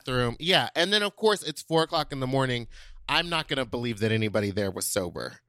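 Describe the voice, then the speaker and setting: A man co-hosting a podcast, recounting gossip with dramatic, drawn-out storytelling. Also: mid-range voice, expressive, pushed and bright, no room sound, studio quality. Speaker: podcast co-host. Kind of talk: casual gossip chat.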